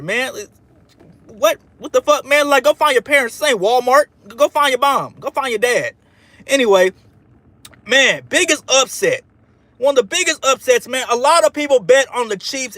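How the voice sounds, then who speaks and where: A man's voice: very high-pitched, fairly bright tone, no echo. A man hosting a casual live stream, fired up and trash-talking as he rambles and answers chat, dropping "man" into nearly every line. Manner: peppers speech with "man". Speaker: sports fan livestream host.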